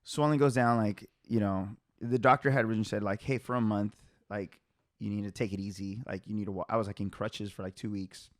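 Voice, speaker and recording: A young man hosting a podcast, telling a story in a loose, animated way, laughing often and leaning on filler words. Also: on the low side, a little fast, no echo, studio quality. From Hispanic family background. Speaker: podcast host. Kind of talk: casual storytelling chat.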